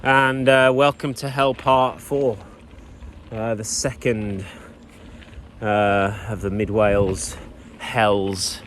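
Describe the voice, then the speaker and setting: Out on a trail, a man who races bikepacking gives a chatty, rambling recap of his ride while riding, with self-deprecating asides. His fairly low, slightly bright voice has a flat delivery and a slow pace, over slight background noise.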